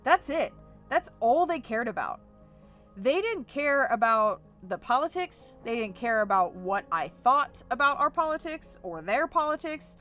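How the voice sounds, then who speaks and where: Bright, emphatic American woman vlogging. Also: fairly high pitch, a little slow, faint music behind. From United States. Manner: emphatic, swears freely, animated. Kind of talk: casual storytime vlog to camera.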